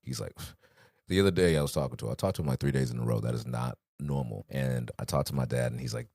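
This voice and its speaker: A man's voice: rumbling low, fast talker, vocal fry, a little mellow, dry recording, clean studio sound. A man co-hosting a podcast, telling stories in a laid-back, slangy way and acting out the voices of people he quotes. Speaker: podcast co-host. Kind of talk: casual chat.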